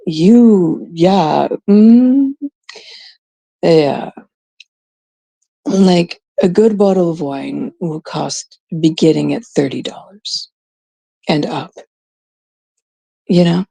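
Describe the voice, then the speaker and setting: A woman's voice: lowish voice, vocal fry, warm tone, dry recording. A woman from Canada chatting in a blunt, profane, rambling way, full of fillers, telling a story as a vlogger. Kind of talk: casual storytelling rant.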